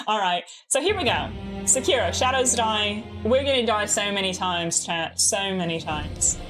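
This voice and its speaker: A woman's voice: medium pitch, sing-song, unhurried, over music. A young American woman streaming a game and chatting casually with her viewers, giggling often and filling her talk with "like.". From United States. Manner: giggly, bubbly, peppers speech with "like".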